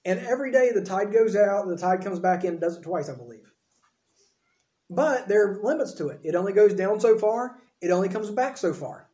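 A man with a high, mellow voice preaches in a relaxed, conversational way, acting out lines of dialogue as he goes. The sound is roomy and echoey, like a church hall. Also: moderate pace. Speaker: pastor. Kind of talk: sermon.

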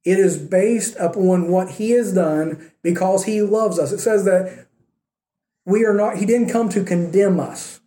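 A man's voice: high voice, measured pace, dark tone. A man preaching a sermon as a pastor, earnest and full of rhetorical questions and repeated phrases. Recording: roomy echo.

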